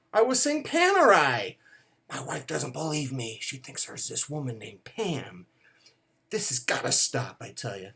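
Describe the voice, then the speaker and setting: A middle-aged man delivers a casual monologue to camera with a wry, self-mocking tone. His pitch leaps up for dramatic effect and then drops low again, as if he is half-joking with his audience. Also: creaky, slightly rough. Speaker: watch vlogger.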